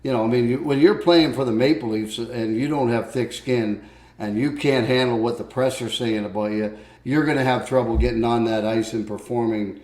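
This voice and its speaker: A man co-hosting a podcast, easygoing in casual chat and quick to laugh. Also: mid-range voice, steady tone, darkish tone. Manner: easygoing, laughs a lot, many fillers. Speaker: podcast co-host. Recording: echoey room sound.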